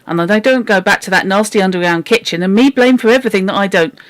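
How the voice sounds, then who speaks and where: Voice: mid-range voice, fast talker, a bit bright, natural voice. A book club reader voicing a firm, self-assured woman cook who is sure she will make a fine queen. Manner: firm, undoubting.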